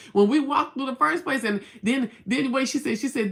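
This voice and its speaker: A woman's voice: high-pitched, brisk, gravelly. A Southern American woman hosting a casual livestream, chatting, reading viewer comments aloud and telling stories. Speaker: livestream host.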